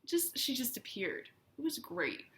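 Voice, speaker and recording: A young woman chatting excitedly with a friend, gushing as she recounts a meet-and-greet. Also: a little high, a little slow. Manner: gushing, excitable, talks over her friend. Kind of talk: casual chat. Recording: echoey room.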